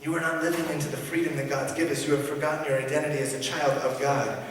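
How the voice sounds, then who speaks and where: A man preaching a sermon as pastor, earnest, swinging from loud emphatic lines to hushed ones. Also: fairly high pitch, flat delivery, racing, slight background noise. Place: large church sanctuary. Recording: echoey church hall from far off.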